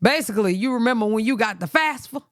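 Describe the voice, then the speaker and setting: A host talks quickly in a casual chat, animatedly telling a personal story and acting out other people's lines in a raised, high-pitched voice. The sound is dry and clean, like a studio.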